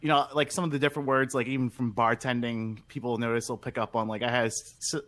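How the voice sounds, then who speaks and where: A man's voice: mid-range voice, level tone, quick pace, a bit bright. A young man with a Philadelphia accent, chatting casually as a podcast co-host, telling rambling stories and acting out what people said. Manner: rambling storyteller, acts out quotes, many restarts. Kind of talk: casual chat.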